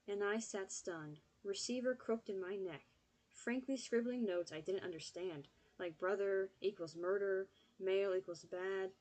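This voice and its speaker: A woman's voice: mid-range voice, a little mellow, poor audio. Woman narrating an audiobook.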